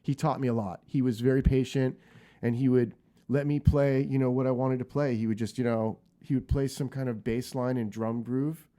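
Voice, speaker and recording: A man in his fifties, a guest guitarist in a casual interview, telling lively stories with frequent restarts. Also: mid-range voice, moderate pace.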